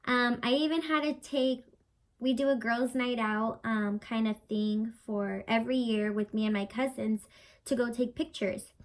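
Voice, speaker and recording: A young woman tells a story to her camera in a chatty vlog, her voice sitting a little high. She rambles with plenty of fillers and acts out what others said with animated energy. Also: measured pace, rough recording. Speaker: vlogger.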